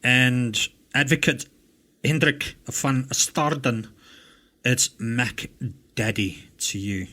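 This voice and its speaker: A man's voice: mid-range voice, slow, sharp tone. A South African man hosting a reaction video, ranting angrily and mockingly with lots of swearing. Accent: English-speaking South African. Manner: angry, swearing, mocking rants. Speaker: host reacting to a recording. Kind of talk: profane reaction commentary.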